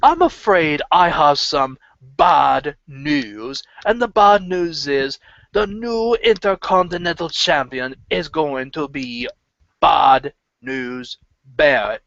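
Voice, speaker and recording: A man doing an impression of a grandiose male wrestler, delivering bad news in a slow, drawn-out, theatrical way. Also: on the high side, vocal fry, fairly bright tone, no echo, heavily acted. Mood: mock-grave. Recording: dull lo-fi recording.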